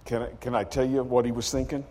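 A man preaching a sermon as a dramatic story, acting out the characters with sudden loud outbursts. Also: medium pitch, little pitch movement, quick pace, long reverb tail.

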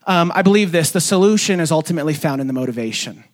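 A young man preaching a sermon as pastor in a casual, conversational way, with fillers and self-corrections, sometimes jumping high to act out quoted voices. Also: animated, rapid-fire. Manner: acts out quoted voices in sudden high pitch. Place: church sanctuary.

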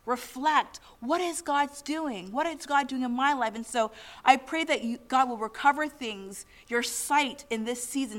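A woman's voice: high voice, fairly bright tone. A woman pastor preaching a sermon to her church, earnest and exhorting as she reads scripture and prays over the congregation.

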